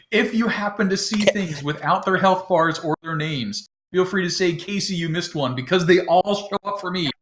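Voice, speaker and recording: A man with a slightly high voice runs a tabletop game from home over voice chat. He talks in a loose, relaxed way, full of fillers, and often chuckles as he explains the rules to his players. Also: moderate pace. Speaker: game master.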